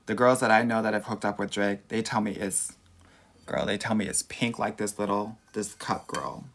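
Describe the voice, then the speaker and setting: Chatting casually on a livestream and reading comments, this dating coach talks with a Southern California Valley accent at normal speed in a lowish male voice. He's sassy and campy and calls everyone "girl."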